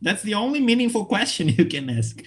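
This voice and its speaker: A man from Brazil giving an online talk to English teachers, upbeat and lively, checking in often with his listeners. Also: high-pitched, fairly quick. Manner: lively, upbeat, checks in with frequent okay and right.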